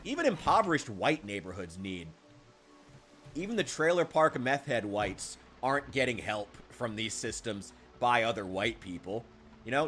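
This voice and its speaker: A man in the middle of a live game stream, venting with plenty of swearing as he answers his chat. His voice sits in an everyday middle register and drops low and quiet after each burst. Faint music runs quietly in the background. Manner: heated, profane ranting. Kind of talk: casual live-stream talk, reacting to chat.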